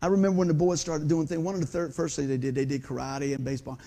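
A middle-aged man preaching a sermon, folksy and animated, full of rhetorical questions. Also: fairly high pitch, quick pace. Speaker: pastor.

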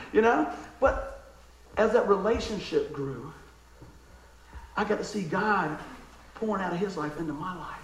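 A man preaching a sermon as pastor, folksy and fervent, often pausing for an amen. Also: sits high, lively intonation, fairly bright tone, echoey room, poor audio. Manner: fervent, folksy, calls for amens.

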